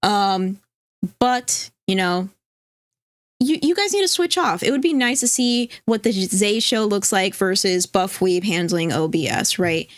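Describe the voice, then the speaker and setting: A woman co-hosts a livestream in loose, rambling talk, picking up comments from chat as she goes and dropping casual swears. Her voice sits mid-pitch and sounds close and dry, with no room around it. She speaks from a home streaming setup. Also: animated, measured pace, no room sound. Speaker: stream co-host.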